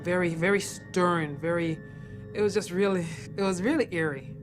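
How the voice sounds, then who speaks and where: A woman's voice: on the low side, normal speed, over music. A woman who works as a caregiver, earnestly recounting a ghost encounter and repeating herself for emphasis.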